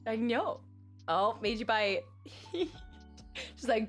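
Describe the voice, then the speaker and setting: A woman streamer chatting casually on a live stream, excitable and giggly, cooing to her cat at her home desk. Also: a little high, extremely slow. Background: faint film music.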